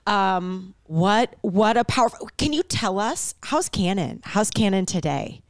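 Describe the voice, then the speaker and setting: Bubbly woman podcast host, lively pitch. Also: measured pace, no echo, studio quality. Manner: bubbly, animated, with playful asides. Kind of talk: casual interview chat and ad read.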